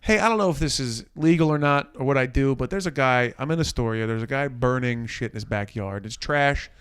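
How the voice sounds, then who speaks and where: A man co-hosting a casual podcast, telling a neighbor story with lively play-acting of each person. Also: medium pitch, a little fast, smooth, dry recording. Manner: animated storyteller, acts out neighbors with a put-on accent. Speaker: podcast co-host. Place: city apartment.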